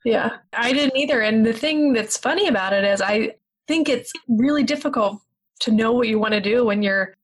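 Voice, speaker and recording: A woman's voice: fairly high pitch, moderate pace, poor audio. A woman hosting a podcast interview in a friendly, upbeat conversational way. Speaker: podcast host. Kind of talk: casual interview chat.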